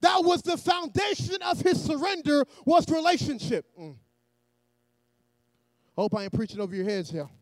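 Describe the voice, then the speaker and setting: A man preaching a sermon in a church, energetic and often shouting, with joking asides to the congregation. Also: extremely high pitch, fairly quick, hardly any pauses, dry recording.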